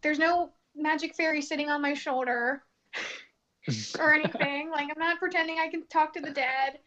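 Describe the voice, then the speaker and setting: A woman with a high voice chats casually on a podcast. Her tone is bright and ringing. She tells animated stories and acts out the people she quotes, laughing often. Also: moderate pace, lo-fi sound. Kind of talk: casual chat, storytelling.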